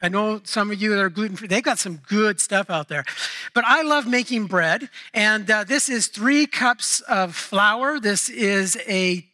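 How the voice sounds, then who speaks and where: A male pastor delivering a sermon in a church, talking casually and playfully. His voice sits high for a man and rings very bright and forceful. He stops often to restart his phrases. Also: unhurried. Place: church sanctuary.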